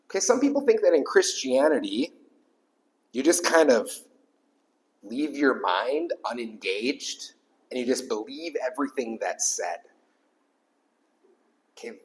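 A pastor preaching an emphatic sermon to a small congregation, repeating key lines for weight. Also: male voice, medium pitch, rough recording. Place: small church gathering.

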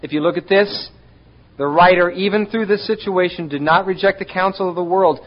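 Speaking briskly, a pastor preaches an animated sermon, tossing rhetorical questions at his congregation. His voice sits fairly high for a man, and the recording is dull and lo-fi.

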